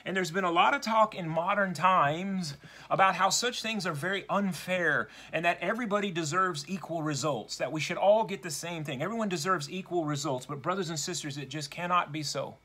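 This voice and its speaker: A male preacher with a high, ringing, bright voice delivers a sermon. He speaks slowly and deliberately, with dramatic stress on his points. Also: slightly rough.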